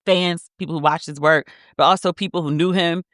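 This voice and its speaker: Animated woman podcast host, bright voice. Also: on the low side, a little fast, dry recording, clean studio sound. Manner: emotional, animated storytelling with many "like" fillers. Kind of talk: casual monologue.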